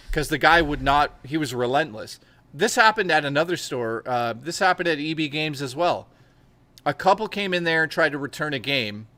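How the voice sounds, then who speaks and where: A man's voice: a little high, bright, forceful tone, dry recording. A man hosting a stream, telling rambling, profane anecdotes in casual chat and acting out the quotes. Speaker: stream host.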